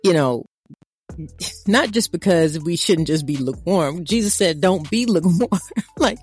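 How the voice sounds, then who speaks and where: A woman, co-hosting a casual faith talk and preaching in an animated, conversational way. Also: on the low side, moderate pace, husky, faint music behind. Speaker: podcast co-host.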